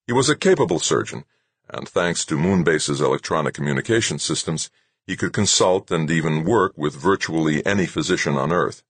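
A man narrating an audiobook in a measured, steady way. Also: extremely low pitch, slightly rough, no echo.

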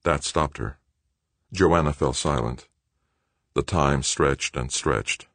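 A man reading an audiobook in measured, expressive scripted narration. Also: rumbling low, no room sound.

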